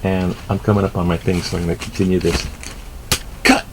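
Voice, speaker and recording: A man's voice: low voice, flat delivery, fast, noisy background. A middle-aged man giving rambling, casual news commentary, self-amused and swearing offhandedly. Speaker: vlogger reading the news.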